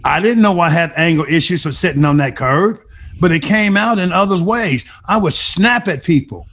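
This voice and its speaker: A middle-aged man with a somewhat high voice tells his recovery story to an interviewer. He talks with emphasis, like a testimony, and slips into the voices of people from his past as he retells their words. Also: expressive, normal speed, a bit bright. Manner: emphatic storytelling, acting out remembered dialogue. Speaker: guest sharing a recovery story. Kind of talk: personal testimony.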